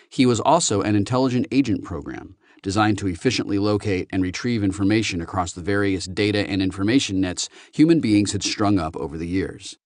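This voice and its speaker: A male audiobook narrator with a fairly low voice, reading in a steady, even storytelling manner. The recording is close and dry with no room sound at all. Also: dry recording. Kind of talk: scripted narration.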